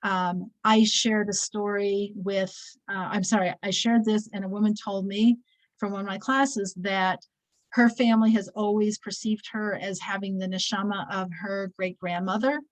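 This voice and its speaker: A woman's voice: mid-range voice, little pitch movement, normal speed, low-quality recording. Chatty woman in her sixties teaching. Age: 60s. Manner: chatty, anecdotal, many fillers and restarts. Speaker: Torah class teacher. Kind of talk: casual weekly scripture class.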